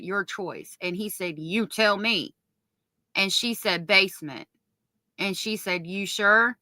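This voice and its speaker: A woman on a livestream reads evidence aloud in a low, subdued tone and then breaks off to curse. Her voice is bright and forward. The sound is close and dry, with no room around it. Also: dry recording. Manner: stops to correct herself mid-read. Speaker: true-crime commentator. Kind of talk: livestream commentary reading court evidence.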